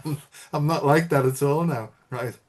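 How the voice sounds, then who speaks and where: Male host, lively anecdotal storyteller with a raised voice, swears casually. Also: on the high side, a little slow. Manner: animated storyteller, swears freely, acts out quotes. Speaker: podcast host. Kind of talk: casual spiritual chat.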